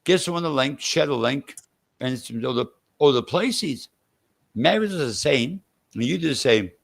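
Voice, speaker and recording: A man's voice: medium pitch, expressive, moderate pace, gravelly. A man with a Stoke-on-Trent accent mixed with Irish touches, a guest chatting casually on a live stream, blunt and swearing freely. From England.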